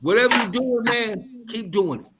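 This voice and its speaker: A man's voice: very high voice, normal speed, background noise. An older man from the American South with a Southern accent, rambling through stories on a casual panel and often saying "hold up, man.". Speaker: panel guest, Marine veteran.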